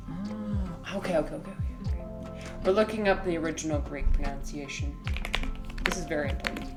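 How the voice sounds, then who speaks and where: A woman streamer chats casually on a livestream, reading chat aloud, rambling and giggling while music plays behind her. Her voice is lowish, at normal speed, with frequent pauses.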